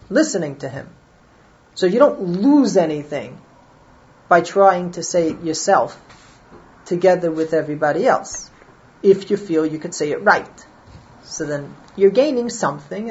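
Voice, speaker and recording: Low-voiced woman explaining Jewish law. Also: darkish tone, muffled recording. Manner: reasoning aloud, checks understanding with listeners.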